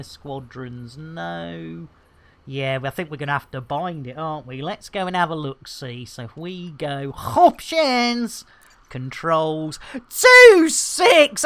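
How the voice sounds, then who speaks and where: On a game live stream, a low-pitched woman chats casually, greeting and thanking viewers with lively exclamations.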